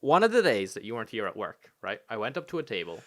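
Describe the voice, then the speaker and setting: A young man in his twenties, raised in Spain, with an Irish accent that has an American tinge. He rants and swears freely on a casual podcast. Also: fast talker. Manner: animated ranting, swears freely, jumps high when exasperated. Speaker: podcast co-host.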